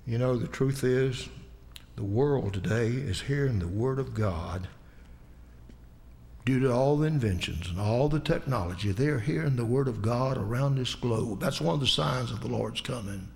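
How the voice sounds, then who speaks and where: A man's voice: moderate pace, vocal fry. Impassioned man preaching a sermon. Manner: impassioned, swings from loud rising appeals to hushed low asides. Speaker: pastor. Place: church.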